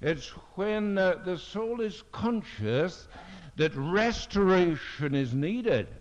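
An older man, preaching a sermon at a fellowship meeting and reading scripture in a slow, deliberate, emphatic way. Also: high-pitched, expressive. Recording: dull lo-fi recording.

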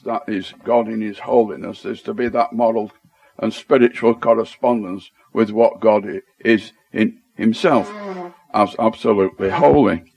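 A man's voice: on the low side, creaky, darkish tone, breathy edge, no room sound. A man with a Lancashire accent in a Bible study discussion, explaining word meanings in a tentative, self-deprecating way with frequent restarts. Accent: Lancashire English.

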